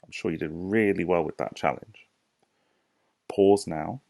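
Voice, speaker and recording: British male teacher, deep gravelly voice, dry close sound, patient lesson for little kids. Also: fairly even intonation, a little mellow, no room sound. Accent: British English. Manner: slow, clear, patient explaining with rhetorical questions. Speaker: primary school teacher. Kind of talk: recorded home lesson for young children.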